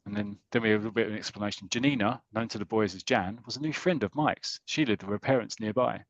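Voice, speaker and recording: A man's voice: lowish voice, fast, no echo, highs cut off. A British man co-hosting a podcast, casually recapping a comic in a rambling way with many restarts. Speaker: podcast co-host.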